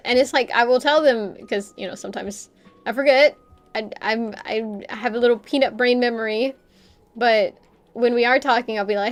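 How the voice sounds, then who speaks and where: A woman's voice: on the high side, normal speed. A young adult woman streamer who chats casually while drawing, rambling and self-deprecating and laughing often.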